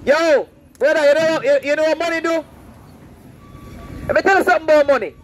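Preaching outdoors by the road, this Saint Vincent street preacher talks briskly in a very high voice over poor audio. He is fervent and repeats himself, alternately warning and pleading with people walking past.

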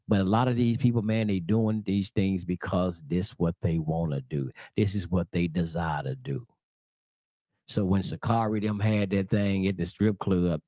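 Low-voiced guy preaching casual and blunt, swears a lot, dry sound with no room echo. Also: mellow. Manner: blunt and profane, slangy, drawls scripture slowly. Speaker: Torah teacher.

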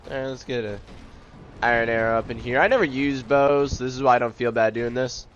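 A man's voice: mid-range voice, a little fast, lo-fi sound, slight background noise. A young man giving live commentary on a video game, exclaiming and joking about his own failures. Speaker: video game let's player.

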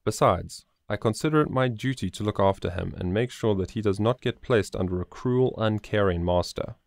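A man's voice: on the low side, moderate pace, vocal fry, no room sound, studio quality. A man voicing a kind, teasing yet earnest young shoemaker in a storybook reading.

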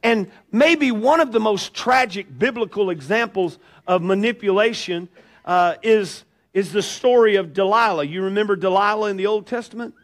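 A male pastor, preaching a sermon in church with animated storytelling and jokes for the congregation. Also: high voice, moderate pace. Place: church sanctuary.

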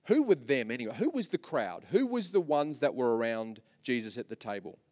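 A man with an Australian accent preaching a sermon as pastor, animated, swinging from soft asides to loud repeated lines. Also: medium pitch, brisk. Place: large church hall. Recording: long reverb of a church hall.

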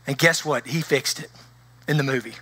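Animated, bright-voiced man preaching. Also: medium pitch, normal speed, husky, no echo. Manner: conversational, animated preaching with frequent restarts. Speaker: pastor. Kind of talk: sermon. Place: church sanctuary.

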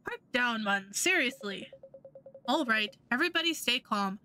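A woman voicing a cocky young male thief in a game, hushed and brusque. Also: fairly high pitch, lively intonation, normal speed, a little hiss or hum. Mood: scheming.

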